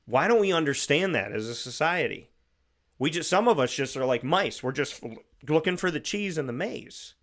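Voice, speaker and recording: A man's voice: a little high, lively intonation, moderate pace, a bit bright. A man hosting a radio show, delivering an emphatic, opinionated monologue and acting out imagined speakers. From United States.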